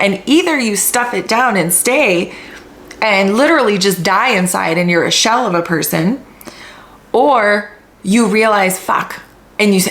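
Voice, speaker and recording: A woman podcast host talks in a blunt, opinionated way, swearing freely as she works through her points. Her voice sits at an ordinary middle pitch. The room around her adds a noticeable echo. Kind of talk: casual commentary.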